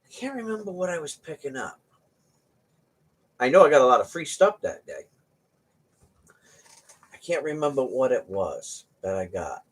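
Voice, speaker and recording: An older man casually telling trucking stories to his viewers, animated, swearing now and then and laughing along. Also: mid-range voice, moderate pace, long pauses, breathy edge. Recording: distant from the mic.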